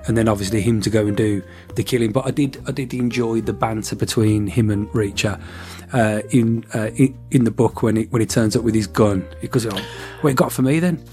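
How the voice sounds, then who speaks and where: Chatty man, lowish voice. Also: steady tone, warm tone, soft background music. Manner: rambling, acts out dialogue with quick voice switches. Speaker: podcast co-host. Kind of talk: casual chat.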